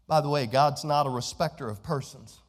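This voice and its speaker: A man's voice: on the high side, brisk. A man preaching a sermon as pastor, emphatic and repeating his key phrases. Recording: long hall reverb.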